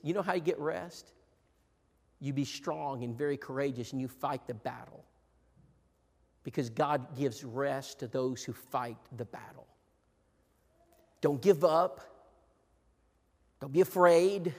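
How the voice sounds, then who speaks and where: A middle-aged man preaching a sermon, repeating himself, swinging between hushed asides and rousing emphatic bursts. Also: medium pitch, vocal fry. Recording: long reverb in a large hall.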